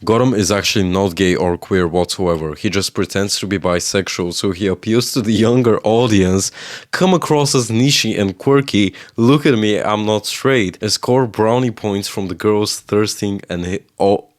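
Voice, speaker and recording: Sassy deep-voiced man ranting. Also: normal speed. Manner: sassy, opinionated, blunt. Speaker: video host. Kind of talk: casual commentary rant.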